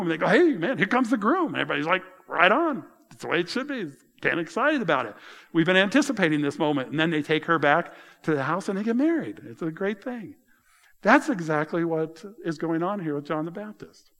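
Conversational pastor in a reverberant hall. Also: male voice, fairly high pitch, a bit bright. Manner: conversational, with folksy asides and acted-out quotes. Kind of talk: sermon.

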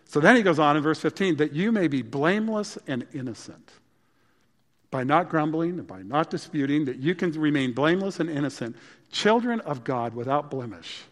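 A man preaching a sermon as pastor, talking in a conversational way and breaking into emphatic, louder bursts. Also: fairly high pitch, in a large hall.

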